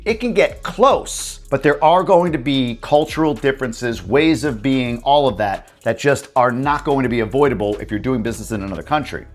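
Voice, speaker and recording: A man from Michigan hosting his own channel, talking to camera in a direct, upfront, conversational way. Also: medium pitch. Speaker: YouTube host.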